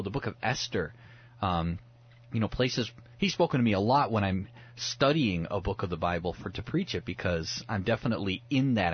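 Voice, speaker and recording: A man's voice: lowish voice, slightly rough, muffled recording. A man speaking as a pastor guest on a radio talk show, earnest and reflective, often restarting his words as he thinks aloud. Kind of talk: radio talk about the Bible.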